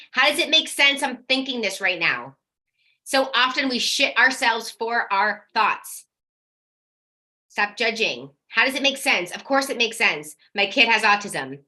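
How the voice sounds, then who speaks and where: A woman coaching parents in a live workshop, talking directly and energetically, now and then acting out their worried questions. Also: on the high side. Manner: energetic, direct, casual swearing.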